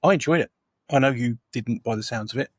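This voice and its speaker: A man's voice: medium pitch, fast, slightly rough, no echo. A man co-hosting a casual film review podcast, steadily reading out film facts and questions. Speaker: podcast co-host.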